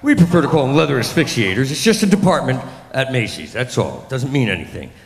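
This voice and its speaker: A man in his fifties doing a rambling, self-deprecating stand-up comedy set, now and then jumping into loud mock voices. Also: mid-range voice, big pitch swings, fast talker. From New York. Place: comedy club stage. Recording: echoey club room with long reverb.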